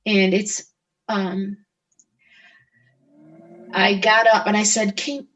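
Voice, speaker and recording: Halting middle-aged woman giving testimony. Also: medium pitch, flat delivery, a bit bright, poor audio. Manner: halting, with frequent restarts and pauses. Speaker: interview guest. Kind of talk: personal testimony in conversation.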